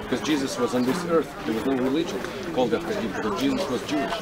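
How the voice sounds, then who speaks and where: A tour guide with a medium-pitched voice and quick pace leads his group outdoors at a historic site. His explanations are casual and full of questions for listeners, and the outdoor recording carries background crowd chatter.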